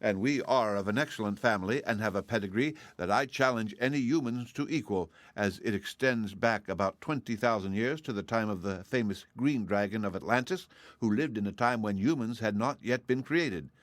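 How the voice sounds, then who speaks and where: A man's voice: lowish voice, normal speed, no echo, lightly acted. A man voicing a proud, polite young dragon with a drawling, haughty manner.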